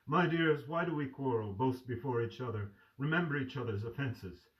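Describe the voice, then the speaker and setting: A man's voice: mid-range voice, moderate pace, muffled recording, close to an everyday voice. Guy doing a dying young man, all fervent and tender, mic kinda far off. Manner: fervent, pleading. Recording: distant mic.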